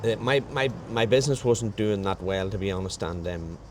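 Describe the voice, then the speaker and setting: A man with a lowish voice talks fairly quickly over slight background noise. He's a guest sharing a faith testimony, telling a personal story in a rambling way, restarting sentences often and repeating what people said.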